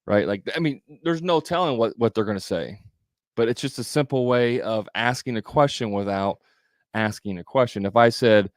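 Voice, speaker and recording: Man, sales coach, smooth voice, dry close sound, chatty, repeats himself. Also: lowish voice, normal speed, no room sound. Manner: conversational, repetitive, with fillers and restarts. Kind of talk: live sales training.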